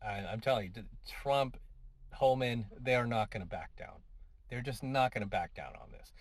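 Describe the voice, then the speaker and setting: A man delivering a talking-head opinion monologue in a loose, conversational way. He restarts sentences and tags on rhetorical questions as he goes. His voice sits at an ordinary middle pitch, and the recording is dry and close with no room echo. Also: moderate pace. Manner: conversational, frequent tag questions, repeats himself. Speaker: commentary vlogger.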